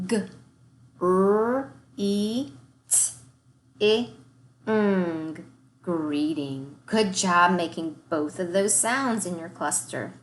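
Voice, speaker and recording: A woman teaching a recorded reading lesson to young children. She sounds out words slowly, one sound at a time, cheerful and encouraging. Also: on the low side, slight background noise.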